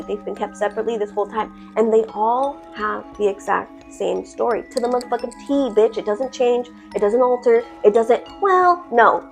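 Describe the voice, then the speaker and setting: A woman telling a horror story casually, animated and full of swearing and fillers. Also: mid-range voice. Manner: profane, animated, filler-heavy.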